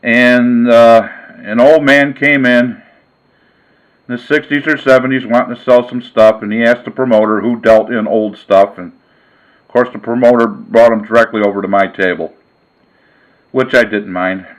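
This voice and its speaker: A man and sports card vlogger telling a casual story in a folksy, relaxed way. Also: medium pitch, moderate pace, rough recording.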